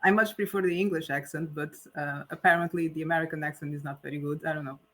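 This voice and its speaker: A man from Portugal, a native Portuguese speaker, speaking English with a Portuguese accent in a casual film chat, candid and quick to laugh. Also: fairly high pitch, steady tone, bright, forceful tone.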